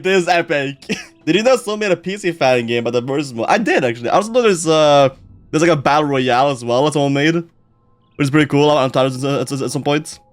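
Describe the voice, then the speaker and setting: A young man streaming a game in excitable, stammering casual commentary, with frequent swearing and repeated words. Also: fairly high pitch, no room sound.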